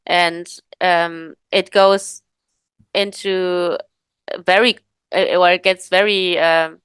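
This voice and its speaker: A woman's voice: on the low side, fairly even intonation, slow pace, fairly bright tone, smooth, dry recording. A woman co-hosting a podcast in casual chat, thoughtful and rambling, with many fillers and restarts. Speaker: podcast co-host.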